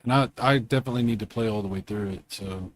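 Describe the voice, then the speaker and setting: A man hosting a casual video game chat from home, rambling and quick to laugh. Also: lowish voice. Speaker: host.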